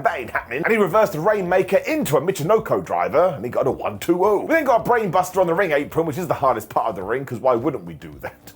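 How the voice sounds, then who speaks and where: Excitable husky man reviewing wrestling. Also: on the high side. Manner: excitable, jokey, swings between loud and quiet asides. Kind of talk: enthusiastic review monologue.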